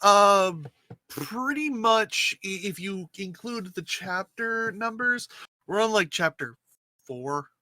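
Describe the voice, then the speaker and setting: A man's voice: high voice, animated, pushed and bright, dry recording. A man co-hosting a casual podcast, eager and reading news aloud. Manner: eager, reads news with drawn-out pauses. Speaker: podcast co-host.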